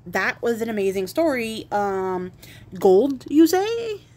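A woman's voice: fairly high pitch, very animated, slow pace, a little mellow. Baffled, fed-up king, profane and casual, voiced by a woman. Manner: exasperated and profane. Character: baffled relieved king, middle-aged man.

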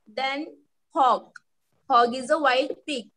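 A woman with an Indian English accent teaches an animal poem to young pupils. Her voice is high and bright. She talks slowly and sing-song, copying each animal's sound. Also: rough recording. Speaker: primary school English teacher. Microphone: online lesson recording.

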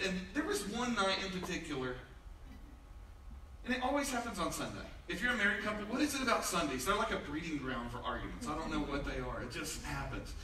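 Middle-aged guy preaching, jokey storyteller, bright voice, super echoey church mic from far off. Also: high voice, slight background noise. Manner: humorous storytelling, acts out quoted voices. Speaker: pastor. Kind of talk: conversational sermon. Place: church sanctuary.

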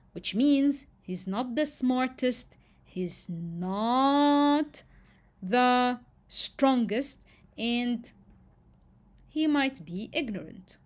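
Woman teacher, slow and deliberate, storytelling lesson, asks the class questions. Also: a little high. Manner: asks questions and stresses key words.

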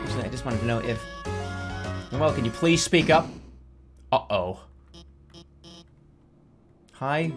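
A man in his thirties streaming games, joking and shifting from mumbles to excited shouts. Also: medium pitch, measured pace, pauses often, over music. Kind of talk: casual gaming stream commentary.

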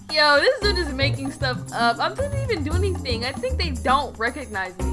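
A woman's voice: high voice, big pitch swings, a little fast, hardly any pauses, music in the background. A woman narrating her own character in a game roleplay, chatty and dramatic, full of indignant slang. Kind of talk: casual game roleplay commentary.

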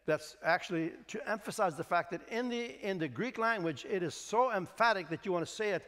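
An older man preaching a sermon as pastor, reading scripture slowly and emphatically with light jokes in between. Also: sits high, a bit bright, long reverb tail. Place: church sanctuary.

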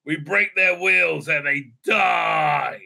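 A smug little halfling with a hammy, sing-song mock Irish accent, as a man puts it on in a bright, forceful voice. He lilts high and cheerful while sounding callous. The delivery is overdone on purpose. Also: takes it slowly, gravelly, exaggerated voice. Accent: exaggerated mock Irish.

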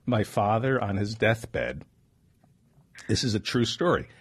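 A man hosting a comedy podcast, telling jokes and stories in animated banter. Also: fairly low pitch, husky. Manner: animated joke-telling, quick asides. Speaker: host.

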